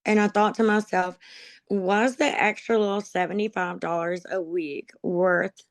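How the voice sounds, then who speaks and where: A woman gives a personal testimony close to the mic in a dry, deadened room. She rambles through her memories with plenty of ums and little laughs at herself, at a middling pitch, and turns emotional as she talks. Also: fairly even intonation, unhurried, no room sound. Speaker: interviewee, dog program graduate. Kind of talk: personal testimony, conversational storytelling.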